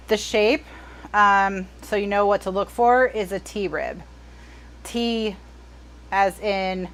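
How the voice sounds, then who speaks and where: An American woman chats casually on her live crafting show. She speaks slowly at a mid pitch, musing aloud, wry and exasperated, often trailing off and starting over. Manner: chatty and exasperated, trailing off and restarting. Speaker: host of a live crafting stream. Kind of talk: casual chat while crafting.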